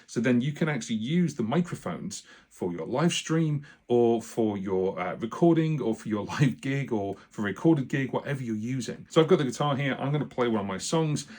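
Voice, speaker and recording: A man's voice: medium pitch, expressive, normal speed, few pauses, darkish tone. A British man giving a casual, rambling step-by-step demonstration of recording gear at a table indoors, picked up by a phone and a small stereo recorder. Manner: chatty, rambling, explains step by step. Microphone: phone mic and small stereo recorder.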